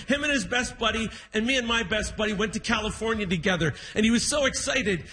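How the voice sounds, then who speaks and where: Male stand-up from Canada with a high, bright voice, chatty storytelling on stage. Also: lively intonation, a little hiss or hum. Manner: storytelling with quick asides and put-on quotes. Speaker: stand-up comedian. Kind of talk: stand-up comedy set. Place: theatre stage before a live audience.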